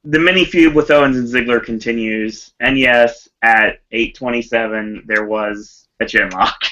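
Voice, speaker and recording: A man's voice: medium pitch, fairly even intonation, measured pace, pushed and bright, lo-fi sound. A man hosting a casual podcast, recapping a match blow by blow and laughing easily. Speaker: podcast host.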